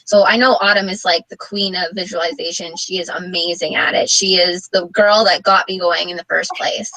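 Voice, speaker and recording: A woman's voice: lowish voice, fairly even intonation, normal speed, sharp tone, dry recording, poor audio. A woman coaching in a casual motivational talk, earnest and loose with fillers. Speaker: network marketing coach.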